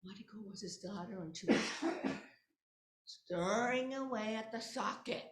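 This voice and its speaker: A woman's voice: mid-range voice, unhurried. A woman storyteller telling a folktale expressively, with sound effects and chanting, recorded in an echoey room.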